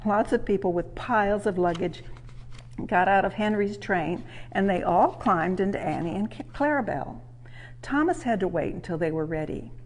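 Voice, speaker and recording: Woman, storyteller, children's read-aloud, lively, expressive, mid-pitched. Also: moderate pace. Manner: warm, lively, expressive reading. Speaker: storyteller, museum host. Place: railway museum.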